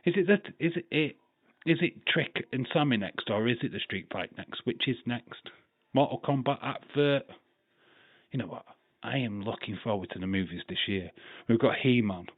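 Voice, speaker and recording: A Yorkshire-accented man hosts a live watch-along stream, chatting casually, laughing often, swearing and reading chat messages aloud. His medium-pitched voice is expressive with a breathy edge and a moderate pace, recorded with phone-quality sound and no room sound.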